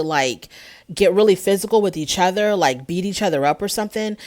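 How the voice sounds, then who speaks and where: A woman giving a casual, opinionated recap of a reality show episode, chatting freely and acting out what the cast members said. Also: lowish voice.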